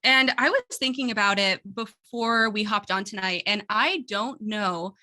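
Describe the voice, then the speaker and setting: A woman's voice: mid-range voice, a little slow, bright, forceful tone. A woman who is the producer and co-host of a podcast, chatting in an upbeat way and laughing easily. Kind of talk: casual podcast chat.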